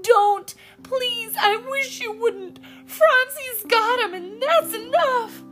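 A woman voicing an excitable, bossy young girl who talks high and emphatically. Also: slow pace, exaggerated voice. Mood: tearful. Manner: high and emphatic, tearful when upset.

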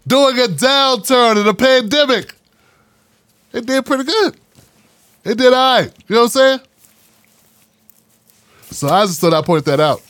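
A man's voice: extremely high pitch, expressive, a little slow, long pauses, a bit bright, dry recording. A man hosting a casual commentary monologue, talking in a sarcastic, mocking, slangy way. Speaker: political commentary host.

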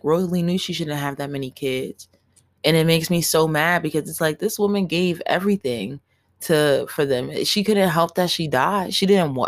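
A woman's voice: low voice, dry recording. A young woman hosting her own podcast, talking earnestly and emotionally in a candid, profane solo monologue. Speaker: podcast host.

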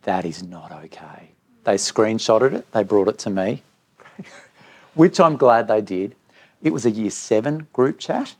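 A man, a school director of middle years, talking candidly at a live parent evening and telling stories with quoted dialogue. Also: on the low side. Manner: candid storytelling, animated when quoting others. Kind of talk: speaking at a live parent info night.

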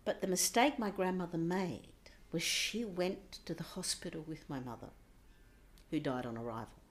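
A woman recounting a painful childhood memory in an interview, intense and sometimes dropping to a hushed whisper. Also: on the low side, moderate pace. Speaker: interview guest. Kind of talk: personal storytelling.

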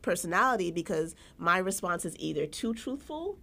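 A woman's voice: on the low side, big pitch swings, normal speed, fairly bright tone. A woman co-hosting a podcast in casual chat, candid and emphatic, often restarting her sentences. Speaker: podcast co-host.

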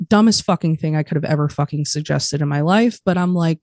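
A young adult woman with a deep voice talks a little fast in a dry, studio-quality recording. As a podcast guest she tells a candid story, blunt and swearing freely, animatedly acting out the voices of people she quotes.

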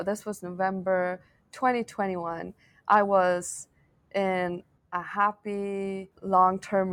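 A woman's voice: on the low side, creaky, fairly bright tone. A woman from Sweden, a podcast guest, telling stories in casual conversation, acting out quoted dialogue and swearing freely. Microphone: video call.

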